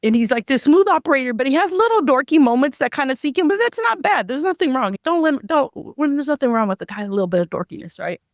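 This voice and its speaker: Animated woman podcast host. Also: high voice, quick pace, hardly any pauses, no room sound, studio quality. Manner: animated, acts out quotes, lots of restarts. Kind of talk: casual film review chat.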